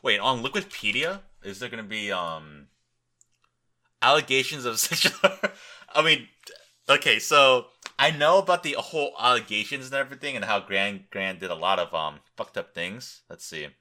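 A man's voice: mid-range voice, animated, normal speed, pushed and bright. A young man hosting a podcast alone, tired and rambling, joking crudely and thinking aloud as he looks things up. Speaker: podcast host. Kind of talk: rambling solo podcast chat.

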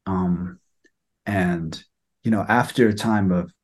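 Young man, slightly low voice, reflective personal sharing, hesitant with lots of fillers. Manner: soft-spoken, halting, many fillers. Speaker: student sharing experience.

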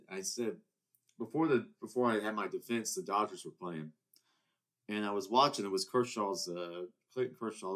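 A young man hosting his own podcast, talking alone in a rambling, heated way with many restarts. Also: fairly low pitch. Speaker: podcast host. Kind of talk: casual solo monologue.

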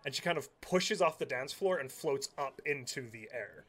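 A man's voice: medium pitch, lively intonation, moderate pace, fairly bright tone, slightly rough. A man narrating a tabletop game as game master, describing scenes with many fillers.

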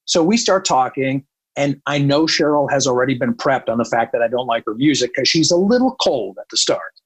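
Husky-voiced man telling a story. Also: mid-range voice, brisk, rough recording. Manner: animated, quotes people in dialogue. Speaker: country radio programmer. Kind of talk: casual anecdotal storytelling.

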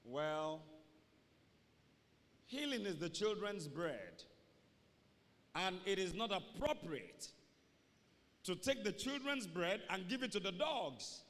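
A pastor preaching a sermon to his church, repeating key phrases and rising to shouts. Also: high-pitched, expressive, takes it slowly, pauses often, big-room sound.

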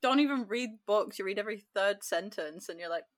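A woman's voice: medium pitch, lively intonation, fairly quick, no echo. A woman co-hosting a podcast, arguing her point insistently in casual book chat and swearing freely. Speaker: podcast co-host.

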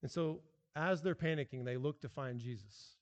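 A man preaching a sermon as pastor, animated and emphatic, with frequent restarts. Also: medium pitch, moderate pace, long reverb tail.

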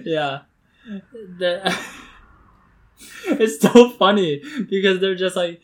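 A man's voice: sits high, animated, very slow, long pauses. A man co-hosting a podcast, chatting casually and laughing easily, with many fillers. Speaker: podcast co-host. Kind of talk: casual chat.

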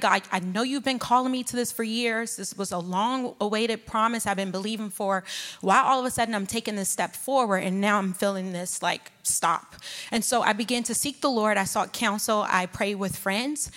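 Woman telling a testimony in a reverberant hall. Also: mid-range voice. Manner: lively storytelling, acts out her own inner dialogue with God. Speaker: church member sharing a testimony. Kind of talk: testimony to a church congregation. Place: church sanctuary. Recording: long reverb of a large hall.

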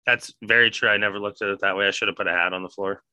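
A man casually telling a profane, animated party story with bursts of laughter. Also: fairly low pitch, rapid-fire, smooth, dry recording.

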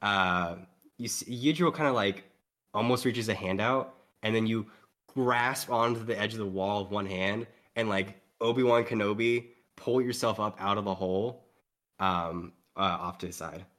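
A man narrates as game master of a tabletop game in a rambling, filler-heavy way. His voice sits fairly low, and he describes the scene casually as he goes. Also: normal speed, fairly bright tone. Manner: rambling, lots of "like" and "um".

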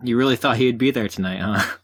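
A man's voice: medium pitch, quick pace, fairly bright tone, breathy edge. A man hosting a comedy podcast, answering in a dry, laid-back way. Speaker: podcast host. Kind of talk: casual comedic chat.

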